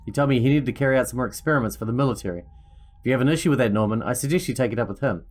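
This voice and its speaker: Callous male doctor, offhand, dismissive, read by a man, quick talker. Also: mid-range voice, natural voice. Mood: flippant. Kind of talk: reading a visual novel aloud.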